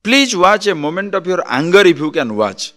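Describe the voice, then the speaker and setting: A man's voice: high voice, normal speed. A man giving a spiritual discourse as a teacher, telling stories and acting out quarrels. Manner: animated storytelling, acts out quarrels.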